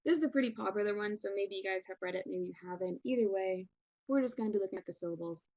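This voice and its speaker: A woman's voice: medium pitch, fast, a little mellow, no echo, lo-fi sound. Casual encouraging woman teacher. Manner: casual, encouraging, many fillers. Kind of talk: recorded online lesson.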